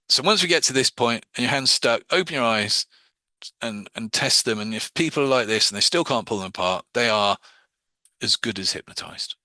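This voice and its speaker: Guy teaching hypnosis, lowish voice but really sharp and bright, picks apart his own phrasing. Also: dry recording. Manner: analytical, breaks down his own wording step by step. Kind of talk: explaining and demonstrating techniques to a class.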